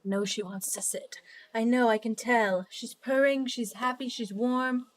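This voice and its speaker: A woman's voice: fairly high pitch, steady tone, unhurried. A young woman streaming from her desk at home, chatting casually with viewers and thinking aloud as she plays. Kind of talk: casual chat while playing a game.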